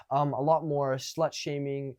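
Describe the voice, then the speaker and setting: A young man giving casual dating advice, animated and swearing freely. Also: mid-range voice, takes it slowly, no room sound, clean studio sound. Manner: animated, acts out quoted exchanges, swears casually. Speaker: dating coach.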